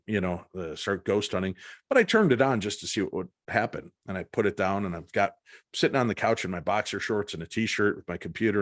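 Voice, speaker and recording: Guesting on a podcast, a man who investigates the paranormal shares an anecdote, performing the quotes with animation. His voice is fairly low, and the clean studio audio has no echo.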